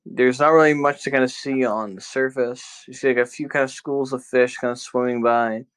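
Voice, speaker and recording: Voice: mid-range voice, fairly even intonation, moderate pace, clean tone, poor audio. A game master narrating a tabletop game in a casual way, with loose phrasing and lots of fillers.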